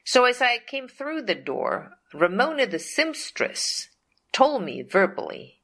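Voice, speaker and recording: A woman's voice: on the high side, sing-song, slow, fairly bright tone. An older woman telling a personal faith testimony in an earnest, repetitive way. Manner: earnest, repetitive, leans on "of course" and "whatsoever". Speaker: storyteller sharing a faith testimony.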